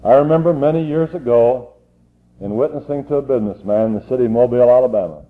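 A man's voice: mid-range voice, fast talker. A man, an evangelist preaching a sermon and telling a story, pressing hard and building to fervent pleas. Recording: tinny phone-like old recording.

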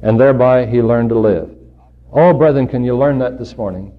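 A man preaching a sermon to his congregation, telling his own story in an earnest voice that climbs to fervent emphasis and sinks low again. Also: moderate pace, narrow, tinny audio.

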